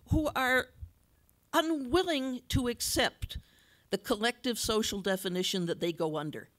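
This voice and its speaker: A woman's voice: fairly high pitch, fairly bright tone. A woman moderating a panel forum, speaking in a conversational, thoughtful way. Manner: conversational, thoughtful, with light laughter. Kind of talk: panel discussion remarks.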